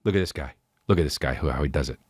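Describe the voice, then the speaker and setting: A man hosting a podcast, telling a rambling, swearing story in casual chat with animated impressions. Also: a bass voice, very fast, breathy edge, no room sound. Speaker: podcast host.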